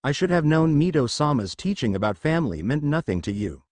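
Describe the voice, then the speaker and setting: A man reading as a furious, sharp-tongued young kunoichi. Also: fairly high pitch, sing-song, fairly quick, no echo. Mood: seething. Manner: seething, insulting.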